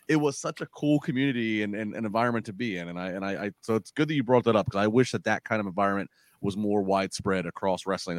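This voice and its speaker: A man's voice: lowish voice, no room sound. A man co-hosting a wrestling podcast, talking casually in long rambling turns with many restarts. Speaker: podcast co-host.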